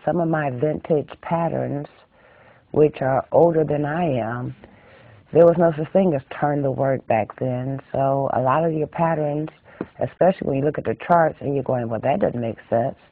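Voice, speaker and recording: A man's voice: medium pitch, moderate pace, no echo. A middle-aged man hosting a casual knitting tutorial, chatty and rambling, often repeating phrases, in a tinny, dry recording. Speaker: knitting channel host.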